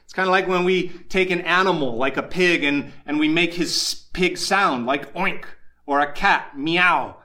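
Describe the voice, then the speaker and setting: High-voiced male pastor preaching. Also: pushed and bright. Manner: earnest preaching with emphatic slowed phrases. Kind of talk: sermon.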